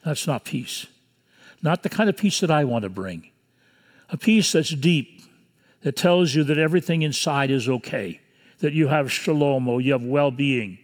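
A man in his sixties preaching a sermon as pastor, earnest and measured, with pauses between phrases. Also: fairly high pitch, lively intonation, big-room sound. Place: church sanctuary.

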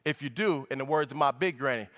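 A man's voice: medium pitch, quick pace, a bit bright. A pastor preaching a sermon to his church, speaking folksy and direct to the congregation, at times lifting into sung tones.

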